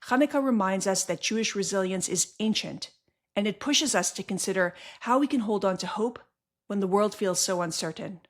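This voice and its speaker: A woman's voice: medium pitch, moderate pace. Earnest woman podcast host. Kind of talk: scripted intro then interview.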